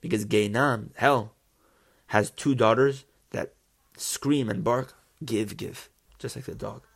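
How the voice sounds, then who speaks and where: A Torah teacher leads a lesson on a religious text, reading Hebrew phrases aloud, translating each one, and answering his own rhetorical questions. His mid-range voice moves slowly with fairly even intonation, carrying vocal fry and a breathy edge.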